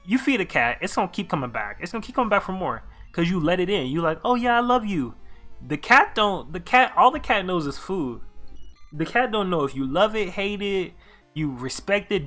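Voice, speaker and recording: A male streamer telling a story in an excitable, slangy, profane rant. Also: on the high side. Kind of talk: animated storytelling commentary.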